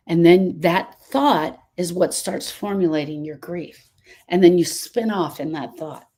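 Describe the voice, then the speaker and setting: A grief coach with a lowish, dark, husky voice speaks at a measured pace on a live stream, answering viewers by name. She is emphatic and repetitive, restating her points and often wandering off on sidetracks.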